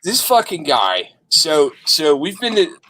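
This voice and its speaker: A man's voice: a little high, wildly swooping pitch, measured pace, pushed and bright, slight background noise. A man co-hosting a podcast, telling stories in a casual, profane, joking way. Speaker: podcast co-host. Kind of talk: casual chat.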